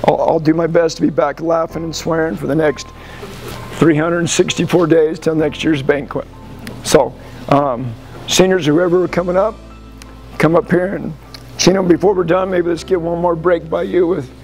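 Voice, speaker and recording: An American football coach speaking emotionally at a team banquet, halting and pausing as he addresses the room. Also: a little high, steady tone, gravelly, a little mellow, soft background music, poor audio. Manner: halting, emotional, with frequent pauses and restarts. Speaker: high school football coach.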